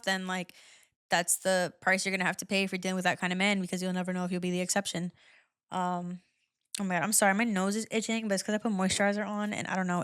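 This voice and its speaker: A young woman hosts her own solo podcast, handing out candid relationship advice in a chatty, casual style packed with "like." Her medium-pitched voice is smooth and fairly bright, recorded in a clean studio with no echo.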